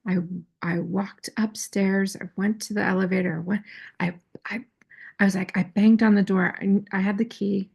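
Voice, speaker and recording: A woman's voice: mid-range voice, steady tone, normal speed, creaky, a little mellow, breathy edge. A woman host telling a personal story in a casual, candid, self-critical way, often restarting her phrases. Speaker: astrology and tarot channel host. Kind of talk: casual confessional talk.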